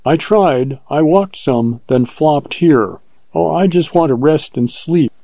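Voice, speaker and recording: A man's voice: on the high side, expressive, takes it slowly, creaky, warm tone, no echo, muffled recording, voice pushed up, full character voice. A man reading aloud, voicing a spirited, proud young woman who is impulsive and teasing. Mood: weary.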